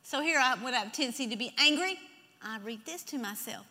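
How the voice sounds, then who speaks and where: A woman's voice: sits high, animated, brisk, bright, forceful tone. A woman preaching a sermon in a church, emphatic, leading the congregation in repeating scripture aloud. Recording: long hall reverb.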